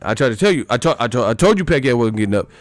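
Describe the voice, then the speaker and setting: A man doing an impression of a cocky ex-boxer commentator, loudly insisting he was right. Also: mid-range voice, lively intonation, racing, faint music behind, close to an everyday voice. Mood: insistent. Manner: loud, insistent, I-told-you-so lecturing.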